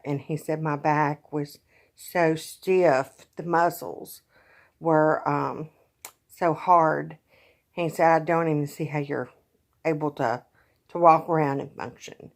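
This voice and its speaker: Tired, halting woman, lowish voice. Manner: soft, halting, with frequent sighs and pauses. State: tired and in pain. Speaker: vlogger. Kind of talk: casual personal vlog.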